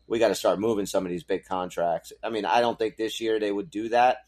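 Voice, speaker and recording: Casual low-voiced man talking hockey. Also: steady tone, brisk, darkish tone. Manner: casual, swears, laughs easily. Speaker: podcast co-host. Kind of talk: casual sports chat.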